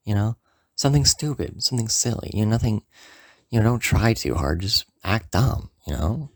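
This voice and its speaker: A man casually telling a comic story, rambling with lots of "you know" and "like", jumping into higher voices for the people in it. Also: big pitch swings, normal speed, no echo, clean studio sound. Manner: acts out the friend's lines in a higher voice.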